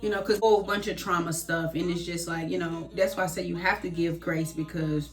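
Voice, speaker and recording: A woman's voice: fairly low pitch, fairly even intonation, brisk, faint music behind. A woman guest, in a casual personal chat, speaking openly and reflectively with many fillers.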